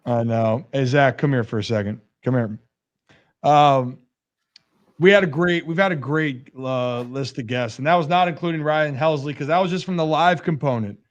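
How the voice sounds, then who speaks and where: A man's voice: medium pitch, moderate pace, lo-fi sound. A young man hosting a sports talk show, joking and rambling in casual chat. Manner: joking, rambling, puts on voices. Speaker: host.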